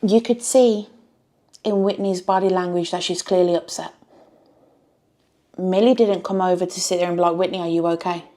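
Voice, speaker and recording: Woman vlogger, ranting reaction style, slightly low voice. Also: steady tone, normal speed, pauses often, dark tone. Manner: blunt, emphatic, repeats phrases, swears. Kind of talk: casual reaction commentary.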